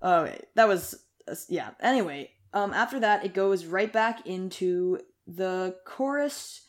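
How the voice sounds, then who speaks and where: A woman's voice: medium pitch, expressive, a little slow. A woman in casual chat, thinking aloud and spinning out theories.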